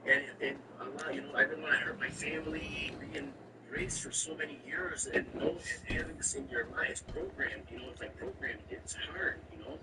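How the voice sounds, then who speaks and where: A man's voice: fairly high pitch, huge pitch swings, normal speed, gravelly, few pauses. Earnest man telling a testimony, distant and noisy. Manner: earnest, emotional, repeats phrases. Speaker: person giving a religious testimony. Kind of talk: personal testimony storytelling. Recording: distant mic with loud background noise.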